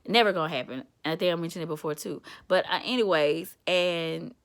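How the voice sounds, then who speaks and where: A woman's voice: on the low side, fairly quick. A woman motivator telling a personal story in a candid, chatty vlog, calling the listener honey and baby. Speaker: self-described motivator.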